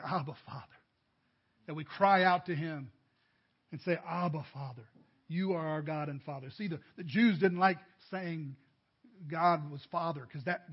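Man, pastor preaching a sermon, husky high voice, dull lo-fi sound. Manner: preaching with emphatic rises, addressing the congregation directly. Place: church.

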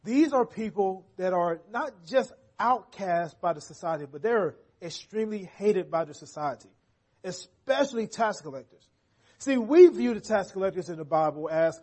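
Casting: husky, high-pitched male pastor, chatty sermon delivery in a church. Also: lively intonation, normal speed, darkish tone. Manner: conversational, checks in with the congregation.

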